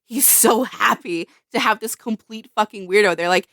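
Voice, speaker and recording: A woman's voice: medium pitch, moderate pace, fairly bright tone, dry recording, clean studio sound. Blunt, swearing woman podcaster. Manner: blunt, swears freely, emphatic. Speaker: podcast co-host. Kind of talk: casual chat.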